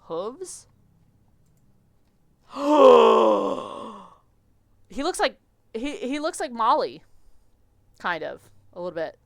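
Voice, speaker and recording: A woman streamer reading a visual novel aloud in an animated, chatty way, often laughing. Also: fairly high pitch, unhurried, no echo.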